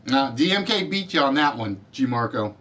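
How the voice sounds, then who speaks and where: A man hosting a live-streamed word game show, calling out letters and players' answers in a deliberate, friendly patter. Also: mid-range voice, very animated, fairly bright tone. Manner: deliberate, spells out letters and addresses players by name.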